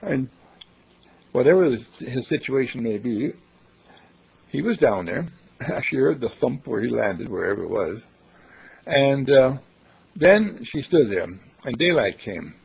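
Gravelly husky man telling a folksy story. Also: medium pitch, sing-song, measured pace, long pauses, darkish tone. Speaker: university dean giving a radio thought for the day. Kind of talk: storytelling talk. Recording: dull lo-fi recording.

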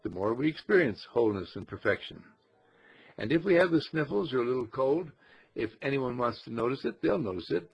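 A man gives a spiritual talk in a gravelly, husky voice. His pitch rises and falls a great deal as he acts out small everyday scenes, and his delivery stays animated throughout. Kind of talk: inspirational talk.

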